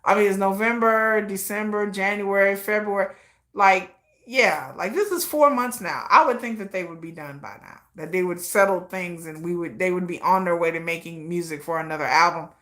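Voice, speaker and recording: A woman hosts a casual commentary live stream with a bright, forceful voice. She talks in an animated, slangy, gossipy way and laughs often. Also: on the low side, normal speed.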